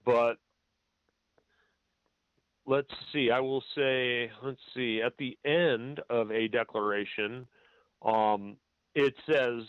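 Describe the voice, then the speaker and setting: A man hosting a talk show who speaks hesitantly with many pauses and filler words, and reads documents aloud, spelling out capitals and punctuation. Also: lowish voice, no echo. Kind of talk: slow, halting talk-radio monologue. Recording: tinny, dry phone-line audio.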